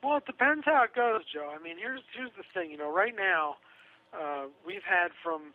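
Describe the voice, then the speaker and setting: A man's voice: sits high, expressive, normal speed. A man talking casually on a radio show, chatty and sarcastic, laughing through his own asides. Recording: tinny phone line.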